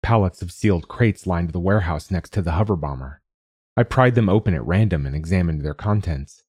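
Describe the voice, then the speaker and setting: A man narrating a short story in a steady, measured way. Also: low-pitched, breathy edge, dry recording. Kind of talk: scripted narration.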